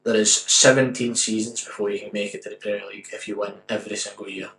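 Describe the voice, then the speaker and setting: A man's voice: fairly low pitch, fast, creaky. A Scottish man in his twenties, a podcast host telling stories in casual chat, swearing often. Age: 20s. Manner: swearing, animated storytelling. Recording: roomy, distant mic with faint hum.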